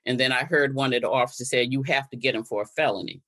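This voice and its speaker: Fast and fairly bright, her bass voice carries the story of an older Connecticut activist speaking as a guest. She tells it conversationally, playing out the exchanges she quotes.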